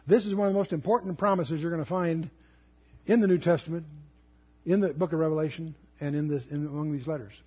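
A man teaching through a Bible passage verse by verse, emphatic and repeating key phrases, his voice trailing low at the ends of phrases. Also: slightly rough, muffled recording.

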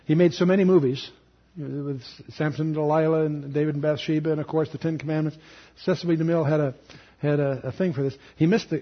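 A man's voice: on the high side, husky, lo-fi sound. A man teaching a sermon, reading scripture aloud with dramatic emphasis and breaking in with casual asides. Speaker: Bible teacher.

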